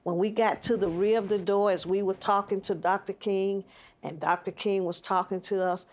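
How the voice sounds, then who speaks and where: A woman's voice: medium pitch, steady tone, moderate pace, darkish tone. A woman interviewee recounting a childhood memory as a vivid, detailed storyteller. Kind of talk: storytelling recollection.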